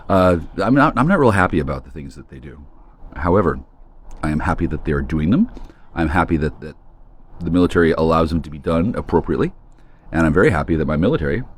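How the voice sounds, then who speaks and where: A man's voice: extremely low pitch, slightly rough. A man hosting a solo talk stream, rambling in a crude, sardonic way. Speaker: host.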